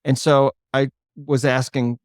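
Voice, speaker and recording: An older man, a holistic chiropractor, explaining his work and telling a patient story in a podcast interview with a measured, earnest delivery. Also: mid-range voice, flat delivery, no room sound, studio quality. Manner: earnest, measured explainer who slows for emphasis.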